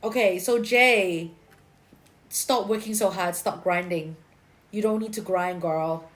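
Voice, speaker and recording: A woman's voice: mid-range voice, takes it slowly, a bit bright. A woman giving a livestream tarot reading, talking bluntly and chattily to viewers. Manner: blunt, chatty, peppered with "lah" and "leh" particles. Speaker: tarot reader.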